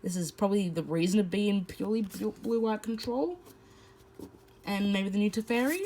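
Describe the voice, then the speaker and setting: A woman's voice: mid-range voice, a little fast, dark tone, slight background noise, low-quality recording. A woman hosting a card-opening video, reading card text and then chatting about each card, with some fillers. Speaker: host. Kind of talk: casual card-opening commentary.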